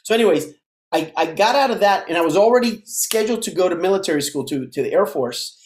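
A man in his fifties from the United States, a podcast guest telling his life story in a lively way and acting out the voices of the people in it. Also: high-pitched, fast talker. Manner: animated storyteller who acts out dialogue. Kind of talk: casual storytelling interview. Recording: roomy echo.

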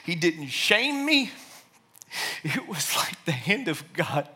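A man with a slightly high, bright, forceful voice tells a personal testimony. He speaks earnestly and with feeling, sometimes falling to a hushed near-whisper and often restarting his sentences. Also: sing-song, takes it slowly, slightly rough. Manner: earnest, emotional storytelling with restarts; hushed, soft-spoken in quiet passages.

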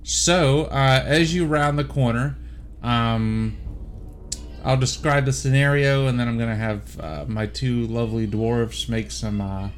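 A man's voice: mid-range voice, steady tone, measured pace, slight background noise. Casual man running a tabletop game. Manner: casual, lots of fillers and restarts. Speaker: game master.

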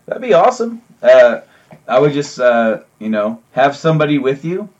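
A man chats and jokes on a podcast with a lively, swinging voice. His sound is dull and lo-fi, a bit muffled. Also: mid-range voice, moderate pace. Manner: laid-back, joking. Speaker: podcast co-host. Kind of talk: casual podcast chat.

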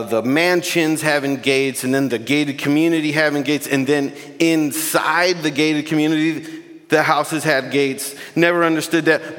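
A man gives a sermon in a casual, warm-hearted way, joking and getting emotional with the congregation. His voice carries a long reverb from the church hall. He sits at a mid pitch. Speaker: guest preacher. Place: church sanctuary.

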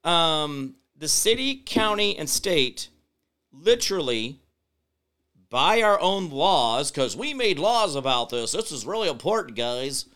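A man's voice: fairly high pitch, very animated, slow pace, pushed and bright. A man hosting a casual live-stream talk show, rambling as he reads viewer comments and answers them, growing emphatic when he explains a point.

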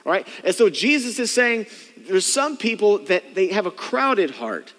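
High-voiced male pastor in an echoing church. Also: very animated, unhurried, a bit bright. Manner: conversational preaching, mimics churchgoers' inner thoughts. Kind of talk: sermon. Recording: long hall reverb.

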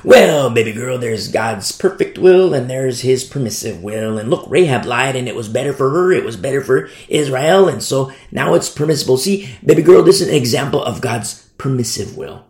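A man's voice: mid-range voice, lively intonation, moderate pace, few pauses, darkish tone, natural voice. A man putting on a smug, rambling churchgoing parent in a mocking tone. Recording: echoey room.

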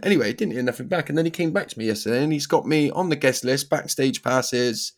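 A man's voice: medium pitch, fairly quick. Chatty man, casual podcast talk. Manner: chatty, swears casually, British slang. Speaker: podcast co-host. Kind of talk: casual chat.

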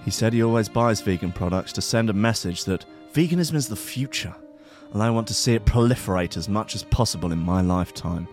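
A man's voice: on the low side, animated, fairly quick, darkish tone, faint music behind. A man hosting a radio show, ranting sarcastically and swearing as he reads and mocks news stories. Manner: sweary, sarcastic rants with mock outrage. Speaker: radio host.

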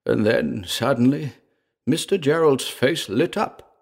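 Man, audiobook horror narration, gravelly voice, lively pitch, dramatic delivery. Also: unhurried. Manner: dramatic, expressive reading.

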